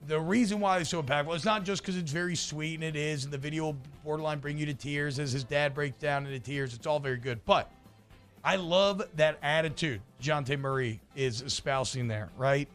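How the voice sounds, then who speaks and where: A man's voice: a little high, a little fast, fairly bright tone, faint music behind. A man hosting a morning sports radio show in a studio, talkative and upbeat with fillers and restarts.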